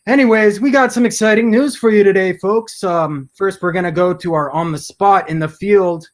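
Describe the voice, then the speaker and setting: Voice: mid-range voice, moderate pace. An improv performer playing a news anchor, talking in exaggerated, scolding anchor patter. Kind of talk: improv comedy.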